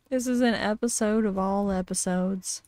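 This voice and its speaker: Slow, giggly woman streamer. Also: medium pitch, a little mellow, no room sound. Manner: giggly, with frequent laughs and dry asides. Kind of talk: casual reading of a horror story aloud.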